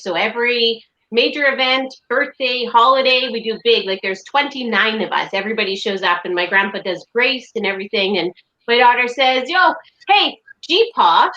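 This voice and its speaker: A woman's voice: a little high, bright, forceful tone, dull audio. A woman telling family stories in casual chat over a remote connection. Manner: chatty storytelling.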